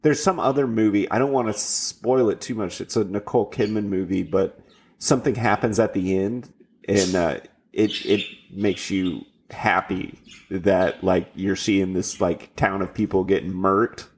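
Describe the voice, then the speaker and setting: A man's voice: deep voice, steady tone, unhurried, husky. A man from Houston co-hosting a podcast, chatting casually and rambling about a film with fillers and restarts. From Houston, Texas. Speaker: podcast co-host. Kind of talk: casual chat.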